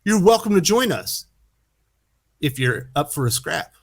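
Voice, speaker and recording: A man reading the lines of a commanding male superhero leader aloud in a lively voice, close to his own way of talking. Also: on the high side, a little slow, breathy edge, full character voice.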